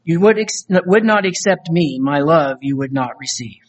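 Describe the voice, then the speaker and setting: A man voicing Jesus as a grieving but firm judge, speaking softly and solemnly. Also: fairly high pitch, lively intonation, normal speed. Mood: sorrowful firm. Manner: soft, sorrowful and solemn.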